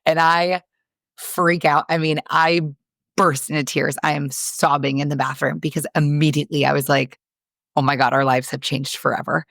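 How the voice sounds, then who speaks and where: Low-voiced woman in her 30s chatting on a podcast, blunt, swears a lot, acts out the dialogue, dry close sound. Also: fairly even intonation, normal speed, creaky, fairly bright tone, dry recording. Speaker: podcast co-host. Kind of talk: casual storytelling chat.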